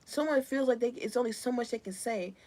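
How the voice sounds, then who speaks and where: A woman's voice: fairly high pitch, brisk, mellow. A young woman giving a live collective tarot reading in a casual, rambling, slangy way. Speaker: tarot reader.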